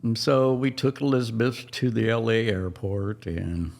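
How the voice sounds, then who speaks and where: A middle-aged man tells a personal story on a podcast in a halting, emotional way, often restarting his sentences. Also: fairly low pitch, steady tone, gravelly, darkish tone.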